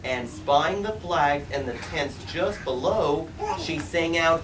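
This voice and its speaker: A young man reads a rhyming picture book aloud at a bookstore story time, with a sing-song lilt and frequent laughter. His voice is a little high and fairly bright, slow yet with hardly any pauses. The store is echoey and noisy, and the mic is far away.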